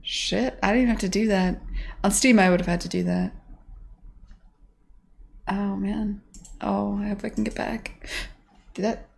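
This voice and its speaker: A woman indie game developer chatting casually with her live-stream viewers, excitable and swearing freely as she mutters to herself. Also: medium pitch, a little slow, vocal fry, long pauses.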